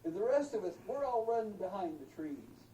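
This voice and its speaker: Older folksy storyteller, animated delivery. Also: medium pitch, a little fast, muffled recording. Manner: animated, acts out voices and sounds. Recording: roomy, distant mic, faint noise.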